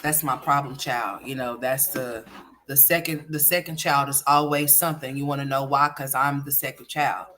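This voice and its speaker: A woman's voice: very deep voice, steady tone, normal speed, fairly bright tone, a little hiss or hum. A woman hosting a casual livestream, playfully scolding and teasing her young sons. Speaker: livestream host.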